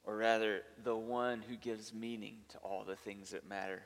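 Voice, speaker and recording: A man's voice: fairly low pitch, fairly even intonation, normal speed. A male pastor preaching a sermon, earnest and emphatic, stacking up long lists of points. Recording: long reverb of a large hall.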